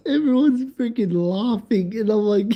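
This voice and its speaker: A man's voice: extremely high pitch, a little mellow, a little hiss or hum. A young man telling rambling stories on a casual live stream, laughing often and repeating the same filler words. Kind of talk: casual livestream storytelling.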